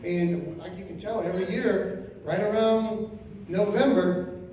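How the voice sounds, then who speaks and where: Man in his fifties, stand-up comic, crude storytelling, loud outbursts, very echoey room, distant mic. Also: sits high, fairly even intonation, a little slow, noisy background. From Florida. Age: 50s. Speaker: stand-up comedian. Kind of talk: stand-up comedy set. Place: RV resort event room, live audience.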